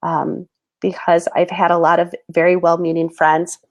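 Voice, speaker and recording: A woman in her thirties talks straight to her viewers in an earnest, halting way, full of fillers and restarts. Her voice sits a little low, and she sounds close to tears. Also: level tone. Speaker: host. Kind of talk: personal talk to camera.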